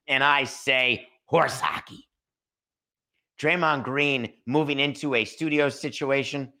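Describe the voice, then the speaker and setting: A man hosting a solo sports podcast, talking in a sarcastic, animated way and acting out little scenes. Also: mid-range voice. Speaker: podcast host.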